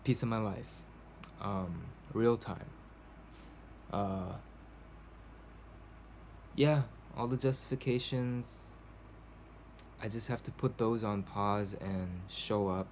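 A man talks to his camera in a casual home video journal, drifting from thought to thought with ums, uhs and restarts. His voice sits a little low, and he speaks slowly. A faint hum of room noise sits behind him. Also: a little mellow. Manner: rambling, hesitant, many fillers and restarts. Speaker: vlogger. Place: cold home indoors.

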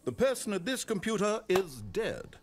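An actor playing a man who calmly makes a deadpan announcement in a short clip played as a sound alert. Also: high voice, normal speed, soft background music.

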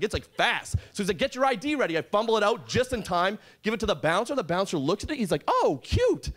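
A young man doing a stand-up set on a comedy club stage, from Calgary, talking in an animated way and breaking into loud shouts for the characters he quotes. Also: sits high. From Calgary, Canada.

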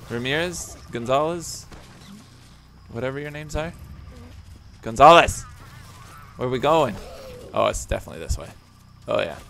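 A young man giving excitable, profane commentary as he plays a video game, often laughing. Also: medium pitch, vocal fry, a little hiss or hum. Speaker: let's play gamer. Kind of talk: casual gameplay commentary.

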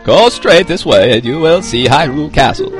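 A man reading the part of a wise old owl who lectures on and on, his voice rising and falling in lively swings over faint music. He reads the guide's advice in a plain, read-aloud way. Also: on the high side, moderate pace, pitched above the performer's own voice, close to an everyday voice. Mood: instructive.

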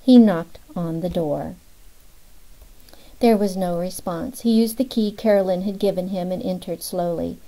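A woman's voice: a little slow, warm tone, rough recording. A woman narrating a novel as an audiobook, lifting her voice slightly for the characters' lines. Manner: reads all characters with small pitch lifts for dialogue.

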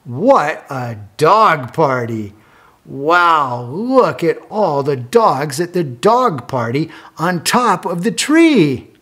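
An older man reading a children's picture book aloud, slow and lively, stopping to ask young listeners questions. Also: a little high, breathy edge.

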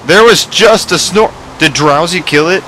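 A young man commentating a Minecraft Pokemon mod let's play, excitable, swearing and shouting at the game. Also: on the high side, measured pace, a little hiss or hum, low-quality recording. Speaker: gaming YouTuber.

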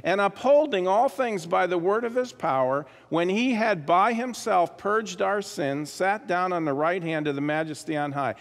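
A man preaching a sermon as pastor, emphatic, repeating key phrases and dropping into quiet asides. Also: high voice, normal speed, few pauses. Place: church sanctuary. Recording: long hall reverb.

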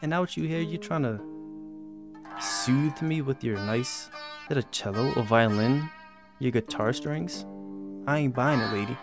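A man hosting a gaming channel, giving casual commentary on a horror game and yelping high when he gets scared. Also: unhurried, long pauses, over music. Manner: talks to game characters jokingly.

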